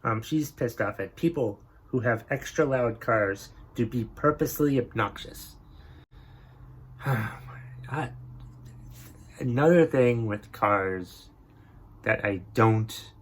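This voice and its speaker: A man hosting a comedy podcast, ranting in a grumpy, exasperated and profane way about things that annoy him. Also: on the low side. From northern New England. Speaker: podcast host. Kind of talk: comedic rant.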